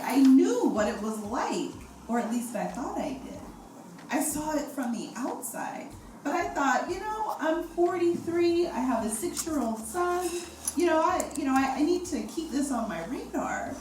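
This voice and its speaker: A woman in her forties sharing her personal testimony as a guest speaker, animated and laughing often. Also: on the high side. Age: 40s. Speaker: guest speaker, breast cancer survivor. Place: event hall. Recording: echoey hall, far from the mic, noisy.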